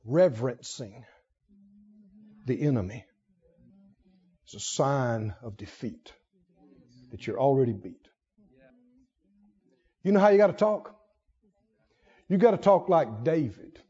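A man preaching a sermon in an animated style, acting out stories and dropping into hushed asides. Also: medium pitch, slow, long pauses, breathy edge, muffled recording.

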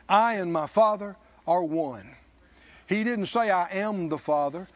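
A male preacher delivering a sermon, leading the congregation in call-and-response with slow, emphatic lines. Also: high voice, lively intonation, dull audio.

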